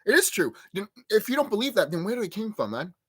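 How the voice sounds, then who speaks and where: A man hosting his own video channel, reacting to a clip with an animated, profane, emphatic rant. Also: high-pitched, fast, breathy edge. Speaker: channel host.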